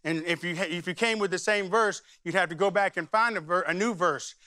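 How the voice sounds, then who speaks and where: High, bright-voiced pastor preaching. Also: male voice, a little fast, smooth, no echo, studio quality. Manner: conversational storytelling that rises into fervent praying. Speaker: senior pastor. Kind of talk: sermon with spoken prayer. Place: church sanctuary.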